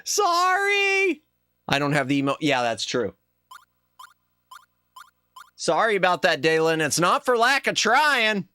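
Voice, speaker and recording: A man streaming a game as a VTuber, chatting casually with viewers and reacting loudly to what happens on screen. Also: sits high, wildly swooping pitch, slow pace, pauses often, smooth, no room sound. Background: game music.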